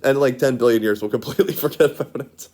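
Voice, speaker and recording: This man talks fast in a mid-range, somewhat mellow voice, wandering casually from thought to thought. Giggles pop up often, he restarts himself again and again, and "like" fills nearly every sentence.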